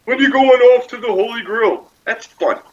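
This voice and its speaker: A man's voice: very high voice, normal speed. A man in an angry, profane, scornful rant, heard from a distance on a muffled recording. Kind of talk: ranting monologue.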